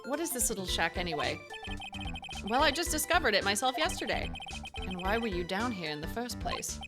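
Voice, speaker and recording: A woman streamer voicing a stern young male prosecutor in a video game, reading his lines low and clipped. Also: big pitch swings, a little fast, loud music behind the voice, natural voice. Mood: dry.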